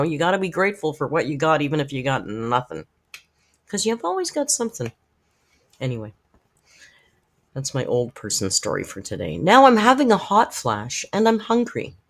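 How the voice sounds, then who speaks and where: A middle-aged woman chats casually to her live-stream viewers, frank and quick to swear. Her pitch rises and falls in wide, animated swings. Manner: frank, profane, chatty, talks straight to viewers in the chat. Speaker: live-stream host reacting to videos.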